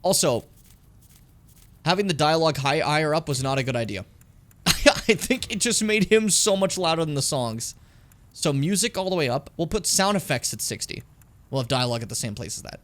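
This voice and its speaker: A man giving casual, animated commentary while playing a video game, swearing and yelping when things get tense. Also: fairly high pitch, normal speed. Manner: animated, swearing, yelps and pleads when in danger.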